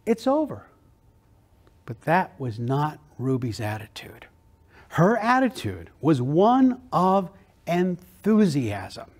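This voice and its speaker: Animated keynote speaker man, lively pitch. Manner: animated, with slow dramatic pauses on key words. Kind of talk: storytelling keynote speech.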